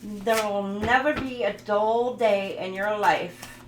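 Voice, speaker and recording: Taking it slowly in a steady, mid-range voice, this tarot reader reads card messages aloud to her viewers in a playful, casual way that sometimes turns goofy. There's a roomy echo in the recording, plus faint background noise.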